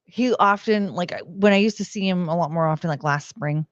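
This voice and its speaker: A woman's voice: fairly low pitch, a little fast, no room sound, dull audio. A woman streaming from home into a desk mic, chatting casually and rambling with lots of "like" and "um". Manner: rambling, heavy use of "like" and "um". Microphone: desk microphone.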